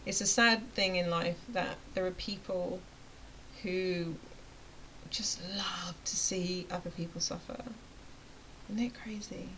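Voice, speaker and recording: A woman's voice: fairly low pitch, steady tone, takes it slowly, a bit bright, slight background noise, poor audio. A woman running a motivational rant to camera, chatty and emphatic, sometimes dropping to a near-whisper. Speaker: vlogger and web design coach.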